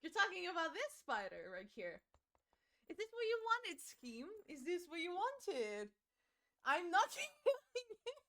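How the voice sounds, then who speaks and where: A woman's voice: very high-pitched, wildly swooping pitch, unhurried, sharp tone. A young woman streaming a game, chatting casually with her chat, giggling and swearing.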